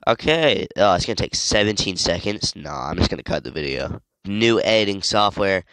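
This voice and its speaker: Sick young man, deep lively game chatter. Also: moderate pace, no echo. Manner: rambling, easily distracted, sudden yelps. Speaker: gaming video creator. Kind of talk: casual gameplay commentary.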